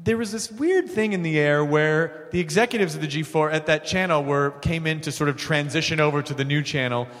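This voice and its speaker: A man hosting a live podcast on a theater stage, an animated storyteller who swears freely, tired from no sleep. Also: a little high, a little fast, few pauses. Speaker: podcast host. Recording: reverberant theater.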